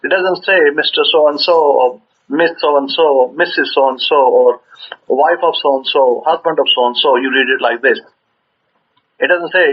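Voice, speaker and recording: Husky man teaching scripture, lo-fi. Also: a little high, moderate pace. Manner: conversational, repeats words, chuckles while explaining. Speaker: religious teacher. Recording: dull lo-fi recording.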